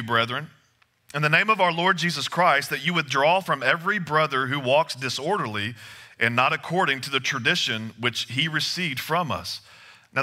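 Male pastor, higher voice with a very bright edge, conversational sermon delivery with playful asides.

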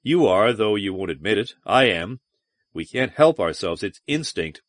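A man reads out a sardonic, haunted spacer who mocks and broods. His pitch moves widely as he talks. The recording is dry and close. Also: big pitch swings, moderate pace, no room sound. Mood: brooding. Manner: mocking, sullen, then brooding and dramatic. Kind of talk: audiobook character reading.

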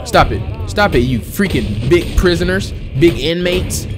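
A man hosting a let's play, excitable and slangy, exclaiming at the game as he plays. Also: fairly high pitch, measured pace. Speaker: gaming channel host. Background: game music and sound effects.

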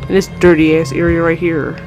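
A young woman plays a horror game and comments to her viewers, getting easily frustrated and swearing often while faint music plays behind her. Her voice sits low and level, and she talks a little fast.

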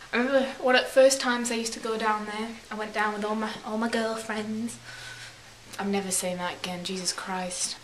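A young woman vlogger rambling through a story in a put-on English accent, acting out quotes in silly voices. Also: mid-range voice. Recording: echoey room with faint hiss.

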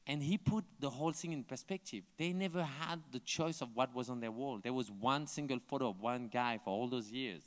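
A man's voice: medium pitch, fairly quick, few pauses. A man from France with a French accent, animatedly telling stories on stage at a live talk and acting out other people's lines. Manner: animated, acts out others' dialogue, laughs often. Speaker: invited artist on a panel. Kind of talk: live onstage storytelling. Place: large museum auditorium before an audience. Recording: long hall reverb from a live auditorium.

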